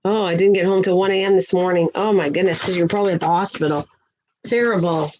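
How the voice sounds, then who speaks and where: A woman's voice: lowish voice, fairly even intonation, quick pace, darkish tone, low-quality recording. An older woman hosting a crafting livestream, chatting in a rambling way and talking to viewers in the chat. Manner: sweet greetings to viewers in a lifted voice.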